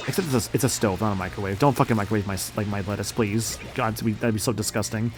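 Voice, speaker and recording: A man's voice: lowish voice, fairly even intonation, very fast, few pauses, faint music behind. A man in his late twenties streaming a game and chatting casually, rambling and laid-back, swearing a lot. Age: late 20s.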